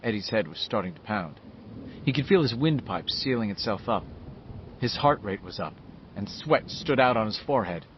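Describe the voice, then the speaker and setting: A man narrating a novel in an expressive storytelling manner. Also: on the low side, normal speed, muffled recording, slight background noise. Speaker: audiobook narrator. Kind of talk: scripted narration.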